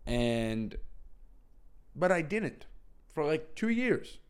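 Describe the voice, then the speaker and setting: A man's voice: on the high side, very animated, extremely slow, clean tone. A young man telling a personal story to camera in a casual, rambling way, full of "like". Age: young adult. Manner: rambling, heavy use of "like". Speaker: vlogger.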